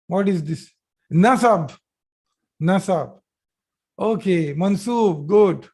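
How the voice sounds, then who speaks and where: A man teaching an Arabic grammar class live over a video call, slowly repeating each phrase and praising his students as they answer. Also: high-pitched, a little mellow.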